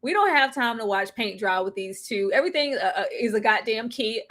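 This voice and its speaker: A woman giving sassy, animated commentary on a live stream about a reality show, cutting in with mocking impressions. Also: a little high, brisk, few pauses. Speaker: co-host of a reality show recap.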